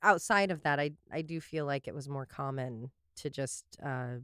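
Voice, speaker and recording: A woman's voice: low voice, normal speed, few pauses, a bit bright, clean tone, no room sound, studio quality. A woman co-hosting a podcast, chatting casually and reflectively, often slipping into quoted voices. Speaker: podcast co-host. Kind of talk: casual chat.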